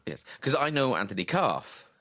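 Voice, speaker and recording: A man's voice: mid-range voice, very animated, moderate pace, sharp tone. An Irish man hosting a radio talk show, chatting casually with self-deprecating jokes. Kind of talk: casual radio interview chat.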